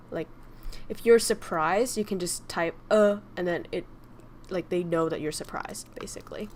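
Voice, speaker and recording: A young woman from Vietnam, chatting casually and teasing her viewers while teaching her language on a livestream, swearing freely. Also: lowish voice.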